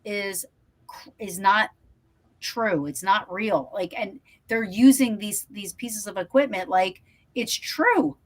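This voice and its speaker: A woman who investigates the paranormal, telling stories in an animated way and acting out quotes in a casual podcast chat. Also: mid-range voice, slow pace.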